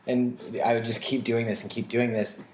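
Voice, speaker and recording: A man's voice: medium pitch, flat delivery, a little fast, darkish tone, slight background noise. A man, a comedian guest, telling rambling, self-mocking stories about his past and laughing often. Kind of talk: casual storytelling interview. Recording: roomy echo.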